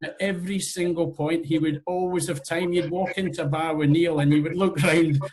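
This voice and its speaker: A man hosting a video call, giving halting thanks with many fillers and restarts. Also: on the high side, fairly even intonation, a little mellow, a little hiss or hum, rough recording. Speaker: host. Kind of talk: closing remarks on a video call.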